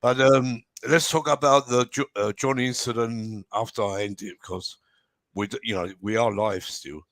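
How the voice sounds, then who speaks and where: A man hosting a casual football fan livestream, talking in a halting way with many fillers and restarts. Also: medium pitch, steady tone, a bit bright, dry recording. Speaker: host of fan channel livestream. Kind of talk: casual heated fan debate.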